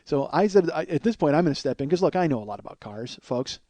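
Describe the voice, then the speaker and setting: A man's voice: a little high, animated, fast, dark tone, no room sound. A man in his forties hosting a comedy podcast, telling a rambling, profane, self-deprecating story. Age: 40s. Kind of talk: storytelling monologue.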